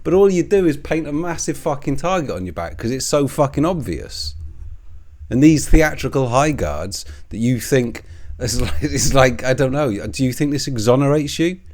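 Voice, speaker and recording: A man's voice: mid-range voice, expressive, moderate pace, darkish tone. A man delivering a profane, scornful, sarcastic political commentary rant. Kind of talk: ranting commentary.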